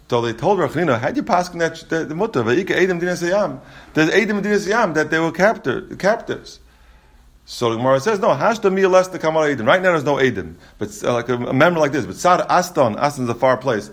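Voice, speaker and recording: Guy teaching talmud, voice a bit on the high side, reads the aramaic then explains it, keeps restarting his words. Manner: reads Aramaic text aloud then explains it in English, with quick repeated restarts.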